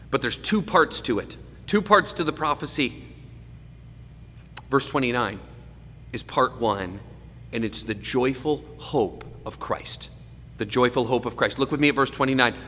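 A man preaching a sermon, swinging between loud emphasis and hushed asides. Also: mid-range voice. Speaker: pastor. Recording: echoey hall with faint background noise.

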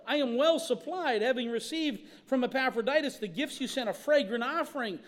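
A man pastor preaching a sermon, telling stories animatedly and acting out quotes in different voices. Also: very high voice. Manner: animated storytelling with acted-out quotes. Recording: reverberant hall.

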